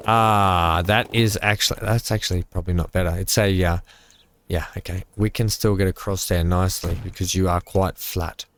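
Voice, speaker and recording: Rambling low-voiced gamer. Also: male voice, fairly even intonation, moderate pace, a little hiss or hum. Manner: rambling, joking, thinks out loud. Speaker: gaming channel host. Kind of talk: casual let's-play commentary. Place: home.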